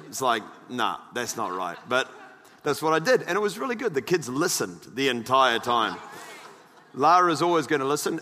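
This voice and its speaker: A man's voice: medium pitch, bright, forceful tone, long reverb tail, slight background noise. A man preaching a sermon as pastor, joking with the congregation and reading scripture aloud.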